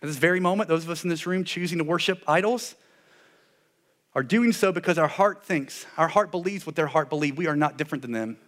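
A man preaching a sermon in an animated way, with sarcastic asides, dropping his voice low for solemn points. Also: brisk. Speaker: pastor.

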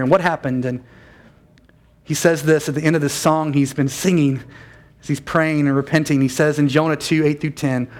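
A man preaching a sermon in a church, animated and conversational, with quick self-correcting asides. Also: a little high. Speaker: pastor.

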